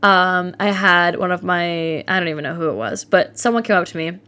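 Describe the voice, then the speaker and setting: A woman's voice: fairly low pitch, fairly quick. Twenty-something girl ranting on her podcast, swears a lot, does little voices for people. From Ohio. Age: 20s. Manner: candid and animated, swears freely, quotes people in mimicked voices. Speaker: podcast host. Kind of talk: casual solo podcast monologue.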